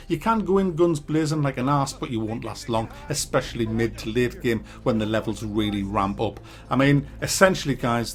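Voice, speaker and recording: A man giving a casual video game review, blunt and sweary, ranting as he goes. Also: medium pitch.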